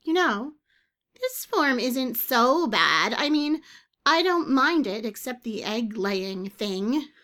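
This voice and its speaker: A woman voicing a cheeky half-human, half-bird woman with a gravelly, rasping voice and a needling, whiny manner. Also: a little high, sing-song, slow pace, bright, forceful tone, pitched above the performer's own voice, exaggerated voice.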